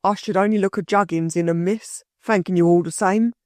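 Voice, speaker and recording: A rough burglar, meek and muddled, his slangy working-class talk rambling on, as a woman reader puts him on. The storybook voice sits a little below the reader's own. It is heard dry and close. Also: lowish voice, fairly even intonation, a little fast, a little mellow, dry recording, lightly acted. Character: rough-spoken male London burglar, bewildered, meek.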